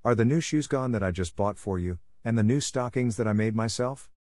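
A man voicing an impatient aunt who scolds a child in an excited, reproachful way. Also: on the low side, normal speed, lightly acted. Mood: scolding. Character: shrill scolding middle-aged aunt, impatient woman.

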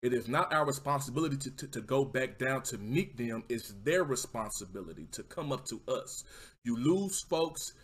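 Male stream host, mid pitch, easygoing motivational chat, warm shout-outs to viewers. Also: lively intonation, moderate pace, husky. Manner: encouraging, keeps asking "you know what I mean"; warmly shouts out viewers by name. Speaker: livestream talk show host.

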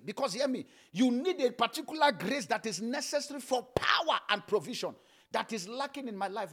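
A middle-aged man preaching a sermon in a very high, bright voice that crackles with gravel and a husky edge. He preaches fervently, lifts into sung chanting and prays in tongues. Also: lively intonation, fairly quick. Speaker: pastor. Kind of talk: sermon with prayer.

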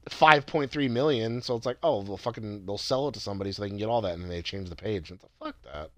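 A man's voice: lowish voice, fast talker, pushed and bright, no room sound. A man co-hosting a podcast, joking loosely and swearing a lot in casual banter. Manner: loose, swearing, jokey, rambling. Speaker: podcast co-host.

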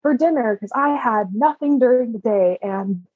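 A woman's voice: fairly high pitch, expressive, moderate pace, husky, no echo, narrow, tinny audio. A woman guest candidly telling a personal story, open and emotional, often laughing. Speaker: interview guest.

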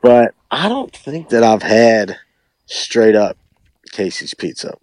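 Male musician guest, easygoing rambler, lower voice with lively inflection, dry sound. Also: takes it slowly, no echo. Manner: relaxed, rambling, hedges a lot. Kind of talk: casual chat.

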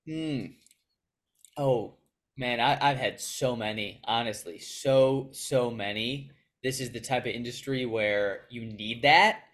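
A man's voice: medium pitch, fairly bright tone. A young man, a guest in an interview, answering earnestly and reflectively about his path in sports media. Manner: earnest, reflective, quick storytelling. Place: Chicago.

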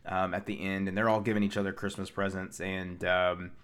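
A man with a slightly low voice talks through a film's plot in a loose, chatty recap. He rambles, piles up fillers and restarts his sentences. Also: level tone, fairly quick, fairly bright tone, clean tone. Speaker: pop culture reviewer. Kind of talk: casual film recap.

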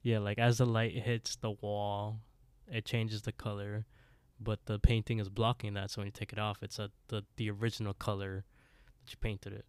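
A man's voice: lowish voice, level tone, moderate pace, clean tone, dry recording. A man co-hosting a podcast, casually recapping a TV episode, laughing often, swearing freely and briefly acting out the characters. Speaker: podcast co-host.

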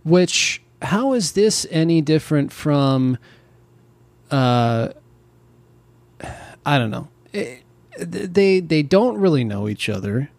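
Gravelly, hesitant man chatting slowly. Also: fairly high pitch, big pitch swings, a little mellow, dry recording. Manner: hesitant, skeptical, lots of restarts. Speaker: podcast co-host reviewing a TV series. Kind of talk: casual chat.

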